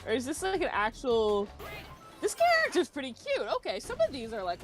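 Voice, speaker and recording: A woman's voice: high-pitched, huge pitch swings, brisk, faint music behind. A woman co-hosting a livestream, reading chat aloud in a casual, giggly way and laughing often. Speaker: stream co-host reading chat.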